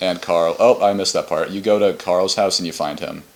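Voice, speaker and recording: Young man, deep voice, rambling, second-guessing, casual podcast chat. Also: steady tone, brisk, slight background noise. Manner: rambling, unsure, often corrects himself. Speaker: podcast co-host. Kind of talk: casual chat recapping a game.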